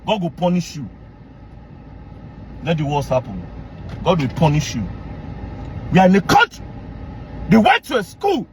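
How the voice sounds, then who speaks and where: A man with a Nigerian accent rants as a commentary host in a high, swooping voice. He is indignant and repetitive, and he bursts into shouting. Faint noise sits underneath. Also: moderate pace, long pauses. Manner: animated, indignant, repeats phrases, bursts into shouting. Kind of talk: heated commentary rant.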